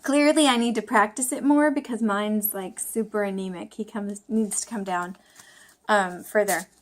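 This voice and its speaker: A woman chatting through her study session, loose and self-deprecating. She thinks out loud, stops and restarts, and her voice sits at an ordinary middle pitch for a woman. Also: fairly even intonation, normal speed, slight background noise. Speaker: language-learning vlogger. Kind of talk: casual study vlog.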